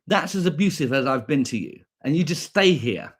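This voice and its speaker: A man's voice: on the high side, animated, fairly quick. A young British man with a combative, profane manner, ranting back at viewers on a stream and repeating his points.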